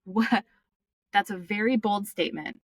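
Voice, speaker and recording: A woman's voice: mid-range voice, unhurried, breathy edge, no room sound, recorded from a distance. A woman co-hosting a podcast, affirming her guest and asking him questions in an effusive way. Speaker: podcast co-host. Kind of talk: interview chat.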